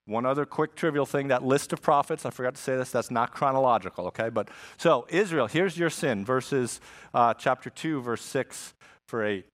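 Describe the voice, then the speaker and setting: A man preaching a sermon as a pastor, teaching in an animated style with asides and jokes. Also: mid-range voice, moderate pace.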